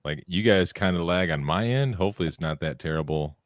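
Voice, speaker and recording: A man co-hosting a casual podcast, explaining his internet trouble with deadpan delivery. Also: low-pitched, a little fast, no echo, clean studio sound. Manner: deadpan one-liners. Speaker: podcast co-host. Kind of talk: casual chat.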